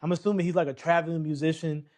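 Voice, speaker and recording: Animated, higher-voiced male movie reviewer. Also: very fast. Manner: animated storyteller, recounts scenes and mimics lines. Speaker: podcast co-host reviewing a film. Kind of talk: casual chat.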